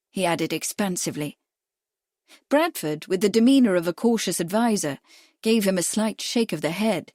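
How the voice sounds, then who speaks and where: A woman narrating an audiobook mystery in a measured, even reading, close to the mic. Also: on the low side, dry recording. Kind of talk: scripted narration.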